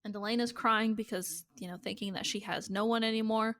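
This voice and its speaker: A woman's voice: fairly high pitch, fairly even intonation, fairly quick, a bit bright, dry recording, studio quality. A woman co-hosting a podcast, recapping a TV episode in narrative runs and swearing casually. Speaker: podcast co-host.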